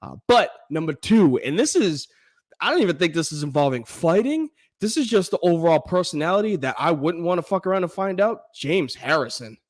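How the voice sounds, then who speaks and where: A man co-hosting a sports podcast in a casual, animated and profane way, laughing often. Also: fairly high pitch, fairly quick. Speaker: podcast co-host.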